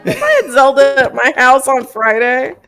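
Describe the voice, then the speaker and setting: A woman's voice: high-pitched, huge pitch swings, normal speed, gravelly. A woman co-hosting a game stream, teasing and laughing often in casual chat.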